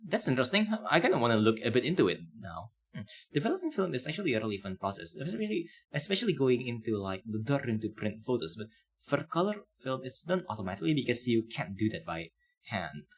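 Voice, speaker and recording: A man's voice: medium pitch, sing-song, fast talker, husky. A man streaming live, reacting to a video in a loose, rambling way with many fillers. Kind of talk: casual live-stream commentary.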